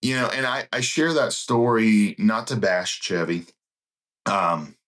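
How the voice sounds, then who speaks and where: Deep-voiced man, evangelist, earnest and reflective storyteller, unhurried with pauses. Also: a bit bright. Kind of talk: conversational storytelling.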